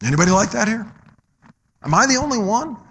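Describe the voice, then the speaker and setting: Middle-aged guy preaching, high voice, goes loud and then drops real quiet. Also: big pitch swings, fairly quick, a little hiss or hum. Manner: swings from loud emphatic exhortation to low quiet storytelling. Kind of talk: sermon.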